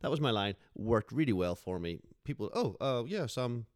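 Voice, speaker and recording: A man's voice: mid-range voice, moderate pace, dry recording, studio quality. Irish man telling a story. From Ireland. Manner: animated storyteller acting out quotes. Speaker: podcast guest. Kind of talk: casual storytelling.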